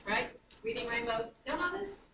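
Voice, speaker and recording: A woman teaching a high school writing class, chanting the stress patterns of words aloud. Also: lively intonation, normal speed, far from the mic, noisy background. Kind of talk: classroom lecture on poetic meter. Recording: echoey classroom recorded from afar.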